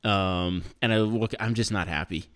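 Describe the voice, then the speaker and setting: A man's voice: low-pitched, fairly even intonation, normal speed, fairly bright tone. A man co-hosting a podcast, telling a story in casual chat, acting out other people's lines and swearing for emphasis. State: self-employed, married. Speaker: podcast co-host.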